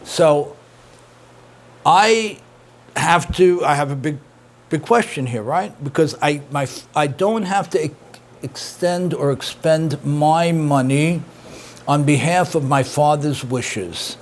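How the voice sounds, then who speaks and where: A man's voice: on the high side, slow. A middle-aged man, a rabbi teaching an interactive class, who repeats his points and praises his students' answers.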